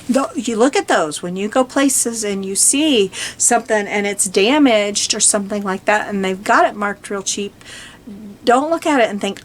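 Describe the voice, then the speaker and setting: A woman's voice: medium pitch, very animated, unhurried, a little hiss or hum. An older woman chatting casually and rambling as she works on a craft journal, laughing lightly now and then. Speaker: crafting vlogger. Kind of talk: casual chat while crafting.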